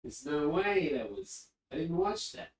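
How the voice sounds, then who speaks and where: A man's voice: fairly high pitch, sing-song, unhurried. A chatty man from England on a live stream, drifting between topics and wandering from his point. His voice sits back from the mic and rings around a bare, roomy space. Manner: rambling, easily distracted, chatty. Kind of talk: casual chat. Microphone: desk mic, often spoken from a distance. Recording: roomy echo, distant from mic.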